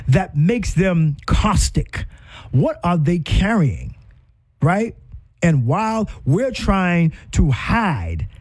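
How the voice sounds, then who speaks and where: A man's voice: high voice, a little mellow, slightly rough. A middle-aged man hosting a talk show, speaking with fervent, preachy passion and firing off rhetorical questions. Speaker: host. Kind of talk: impassioned commentary.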